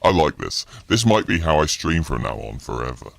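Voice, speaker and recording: Man with a deep, gravelly voice changer. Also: very animated, a little fast, fairly bright tone. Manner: playful, joking. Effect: deepening voice changer. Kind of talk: casual chat.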